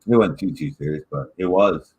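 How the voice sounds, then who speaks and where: A man's voice: low voice, normal speed, a loud crowd, low-quality recording. A man from Michigan hosting a casual podcast, telling rambling, profanity-filled stories. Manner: profane, rambling, animated storytelling. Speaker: podcast host. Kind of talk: casual storytelling chat.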